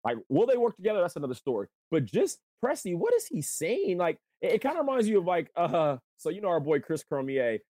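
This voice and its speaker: A man co-hosting casual sports talk, animated and profane. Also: fairly quick, few pauses, dry recording. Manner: animated, profane, jumps up in pitch. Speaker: sports podcast co-host.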